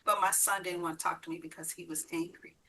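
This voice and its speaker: A woman's voice: on the low side, fairly even intonation, fast talker, sharp tone, far from the mic, a little hiss or hum, poor audio. A woman guest telling her own story, vividly playing out the voices in it. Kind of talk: personal storytelling.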